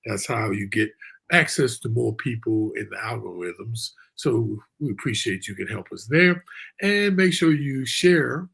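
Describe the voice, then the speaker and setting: A man's voice: medium pitch, lively intonation, measured pace, gravelly, a bit bright, breathy edge. A man hosting a casual live-stream talk show from a remote virtual studio, chatty and loose with folksy asides.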